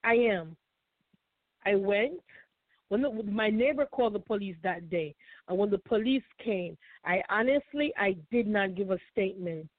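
A woman's voice: medium pitch, lively intonation, normal speed, no room sound. A woman guest telling her personal story in an interview, emotional and repetitive. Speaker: guest author. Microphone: phone call. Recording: tinny dry phone line.

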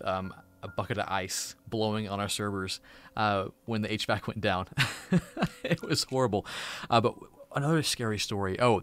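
A male host of a live stream, laid-back and quick to react with exclamations as he chats with callers. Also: fairly low pitch, fairly bright tone. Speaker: show host.

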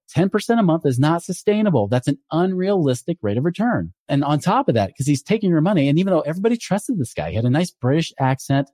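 A man's voice: mid-range voice, warm tone, dry recording, studio quality. A man hosting a finance show, explaining investment red flags in a casual, emphatic way and acting out the people he quotes. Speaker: podcast host and financial advisor.

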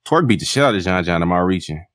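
A man's voice: low-pitched, animated, fast, a bit bright, dry recording. A man co-hosting a podcast, chatting casually in slang, with laid-back restarts and frequent laughs. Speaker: podcast co-host. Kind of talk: casual chat.

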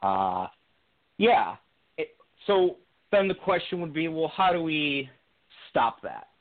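A young man telling a personal story on a call to a radio show, thinking out loud with many restarts. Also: a little high, sing-song, slow pace. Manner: reflective, earnest, many restarts and fillers. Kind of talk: casual conversational storytelling. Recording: tinny phone-line sound.

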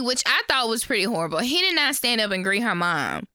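A woman co-hosting a podcast, telling gossip in a casual, animated way and jumping into high voices for the people she quotes. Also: fairly quick, dry recording, clean studio sound. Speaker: podcast co-host.

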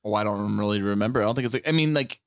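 A man co-hosting a casual podcast, easygoing and agreeable, and quick to laugh. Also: lowish voice, clear, resonant tone, no room sound, muffled recording. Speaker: podcast co-host.

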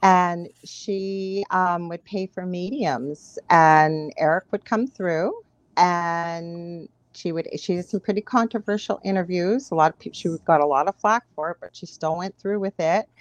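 A woman's voice: lowish voice, dry recording. Woman telling stories in dry close sound. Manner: animated storyteller, laughs often, quick asides. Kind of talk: casual chat, storytelling.

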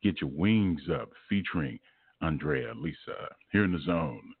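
A man with an extremely deep, husky voice hosts a radio interview, laughing often between easy patter. His voice is dry and close, heard through a tinny, phone-like line. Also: a little slow, no room sound. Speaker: radio host.

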